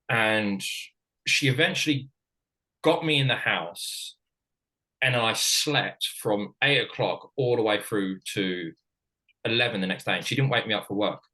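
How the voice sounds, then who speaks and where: A middle-aged man from Britain, a former hockey player and coach, telling a personal story frankly in halting, restarting sentences. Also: fairly low pitch, bright, forceful tone, poor audio.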